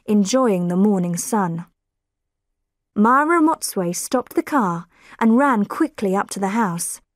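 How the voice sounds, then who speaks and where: Slow, clear woman storyteller. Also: mid-range voice, no room sound, studio quality. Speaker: narrator. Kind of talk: graded reader narration for learners.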